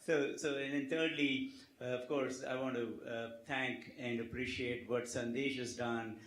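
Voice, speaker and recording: A man, a physician, giving conference remarks, halting and full of filler words as he tells a joking story. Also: medium pitch, steady tone, a bit bright. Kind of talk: conference speech with a humorous anecdote. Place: conference hall with live audience. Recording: roomy hall echo.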